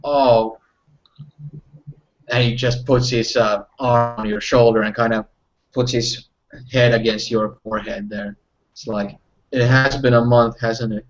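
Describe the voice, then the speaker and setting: A man's voice: medium pitch, fairly even intonation, measured pace, long pauses, lightly acted. Man doing Dusklight, a yelping overjoyed werewolf. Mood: somber. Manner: yelps, stammers and repeats himself. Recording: muffled lo-fi audio.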